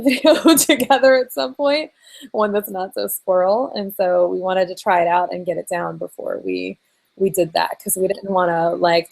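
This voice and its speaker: A woman's voice: medium pitch, gravelly, darkish tone, rough recording. A woman vlogger chatting casually on a live video call, rambling and laughing often. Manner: giggly, rambling, lots of likes. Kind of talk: casual live-stream chat.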